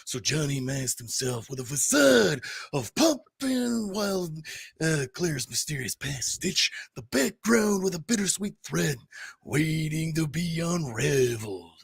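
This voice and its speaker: Gravelly, raspy male podcast host. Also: fairly high pitch, sing-song, no room sound, studio quality. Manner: slow, drawn-out, playful asides. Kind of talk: reading a story aloud.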